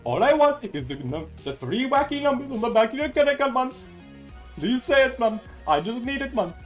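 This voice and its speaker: A man's voice: extremely high pitch, sing-song, fairly quick, faint music behind, pitched above the performer's own voice. A man voicing a pushy male phone scammer in a put-on Indian accent, pleading and insistent. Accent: put-on Indian accent impression. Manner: pleading, insistent, repeating himself.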